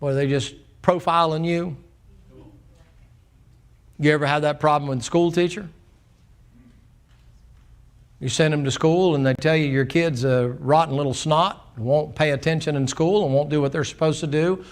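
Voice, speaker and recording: In a church sanctuary, a male pastor preaches a sermon in a slightly high, steady voice at a moderate pace. He is folksy and plainspoken, acting out the dialogue of the people in his story.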